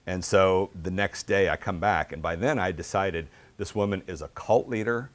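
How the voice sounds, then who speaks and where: A middle-aged man giving a book talk, telling casual, animated anecdotes with lots of fillers. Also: low-pitched, moderate pace. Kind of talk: storytelling talk.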